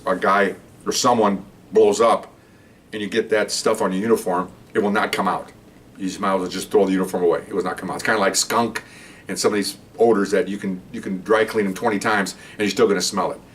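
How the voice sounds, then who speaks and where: Brief: older man, retired cop, low voice, rambling halting storyteller, mic set back a little. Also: distant mic, a little hiss or hum. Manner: rambling, halting, with many restarts and fillers. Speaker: retired police officer telling stories. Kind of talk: casual storytelling to camera.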